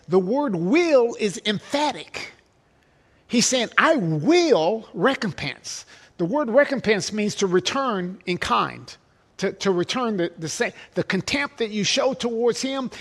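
A man's voice: high voice, a bit bright. A man preaching an earnest verse-by-verse sermon, quoting scripture and repeating phrases for emphasis. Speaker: pastor.

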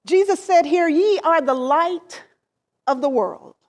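A woman delivers a sermon at an unhurried, measured pace. Her voice sits high, and she stresses key phrases before letting the ends of her lines fall away softly. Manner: slow, deliberate preaching with emphatic rises and soft trailing endings. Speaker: preacher.

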